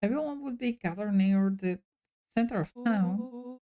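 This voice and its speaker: Jumpy, excitable young kids creep through a dark house in a game story, as a woman puts them on. The voice sits a little high and swings up sharply when they startle. Music plays softly underneath. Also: unhurried, close to an everyday voice. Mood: frightened.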